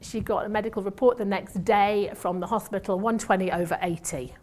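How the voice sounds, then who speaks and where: A woman's voice: mid-range voice, steady tone, brisk, a little mellow. Woman around fifty preaching a testimony, chatty and self-mocking, lots of asides. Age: 50s. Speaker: church speaker and former nurse. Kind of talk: testimony sermon to a congregation.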